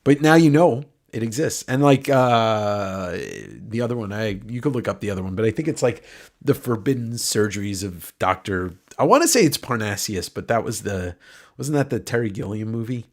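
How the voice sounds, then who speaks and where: A man's voice: lowish voice, sing-song, normal speed. A man hosting a livestream giveaway, talking casually in a nasal voice, rambling and joking with the odd curse. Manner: rambling, joking, swears freely. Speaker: livestream host.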